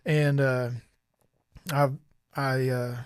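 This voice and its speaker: A man's voice: mid-range voice, flat delivery, drawn-out words, clear, resonant tone, no room sound, studio quality. Earnest middle-aged man telling his story. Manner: earnest, rambling, restarts lines. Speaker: podcast guest sharing testimony. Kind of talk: casual personal storytelling.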